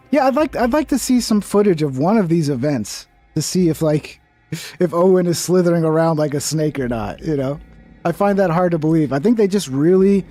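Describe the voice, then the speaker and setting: A man's voice: on the high side, mellow, no echo. A young man giving casual, skeptical reaction commentary and swearing freely. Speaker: commentary streamer.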